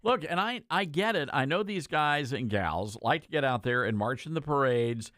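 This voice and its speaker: A man hosting a talk radio show in a studio, chatting casually with guests and pausing often with fillers. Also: medium pitch, expressive, fairly bright tone, no room sound. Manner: casual, folksy, halting with fillers. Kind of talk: conservative talk radio chat.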